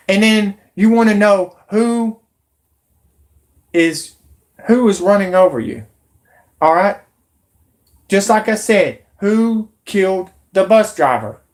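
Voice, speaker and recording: A woman, ranting angrily and swearing as a YouTube commentator. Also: medium pitch. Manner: angry, profane, shouting in bursts. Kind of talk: angry political rant.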